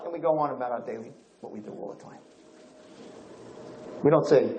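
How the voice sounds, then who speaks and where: A man lecturing on Torah, telling a parable in an animated, repetitive storytelling manner. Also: mid-range voice, brisk, long pauses, roomy sound, muffled recording. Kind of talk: sermon storytelling.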